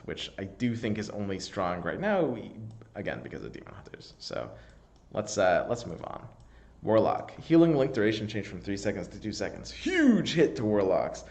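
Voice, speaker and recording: A man reads through a game's patch notes and weighs each change out loud, pausing on fillers and restarting sentences as he thinks. His voice sits a little low, yet his pitch rises and falls a great deal. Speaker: strategy game commentator. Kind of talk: solo recorded commentary on game patch notes.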